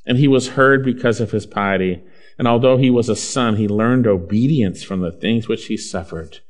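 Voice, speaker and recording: A man preaching a sermon and reading scripture aloud. He is earnest and moves between raised, emphatic phrases and slow, hushed ones. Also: lowish voice.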